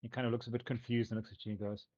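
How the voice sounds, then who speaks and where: A man narrating as game master of a tabletop game, easygoing and halting. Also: medium pitch, flat delivery, a little mellow, dry recording. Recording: dull lo-fi mic.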